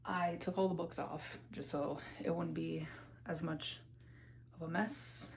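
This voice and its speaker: A woman's voice: low voice, steady tone, measured pace, vocal fry, slight background noise. A young woman giving a casual, candid tour of her bookshelves, swearing freely as she talks. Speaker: book vlogger. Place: home room by her bookshelves. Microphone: camera on tripod.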